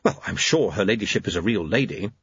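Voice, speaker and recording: A man voicing an eager, obsessive young clockmaker who talks quickly and earnestly, in a dull lo-fi audiobook recording. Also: lowish voice, lively intonation, breathy edge, no echo, heavily acted. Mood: earnest, fussy.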